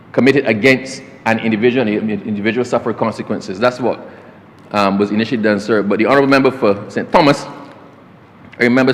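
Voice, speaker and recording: A Barbadian man, a government minister, giving a formal parliamentary speech that keeps addressing the chair as sir and slips into folksy stories. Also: medium pitch. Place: parliament chamber. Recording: long reverb of a parliament chamber.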